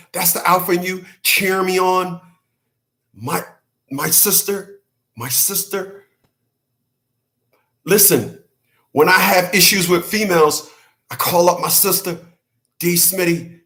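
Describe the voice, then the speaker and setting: A man with a notably high voice rants on his livestream, loose and profane. He repeats his points for emphasis and breaks into laughter between them. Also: unhurried, long pauses, a bit bright. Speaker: channel host. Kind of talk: casual livestream rant.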